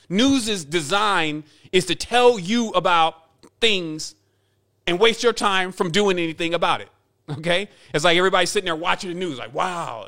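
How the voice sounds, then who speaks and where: A man's voice: high-pitched, a bit bright. A man giving a rambling spiritual monologue as a teacher, talking emphatically and repeating himself for effect.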